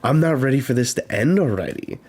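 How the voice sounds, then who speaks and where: A man's voice: mid-range voice, animated, a little fast, a little mellow, slightly rough. A man hosting a live reaction, reading a comic aloud and thinking aloud between pages with dismayed sighs. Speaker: manga reaction host.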